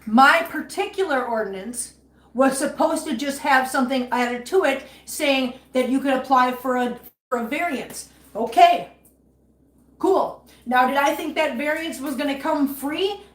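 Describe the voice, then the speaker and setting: A woman's voice: high voice, unhurried, reverberant. A woman hosting a casual livestream from her home kitchen while she cleans, chatty and emphatic, upset and holding back tears. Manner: chatty, emphatic, repeats herself when upset. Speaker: cat channel livestream host.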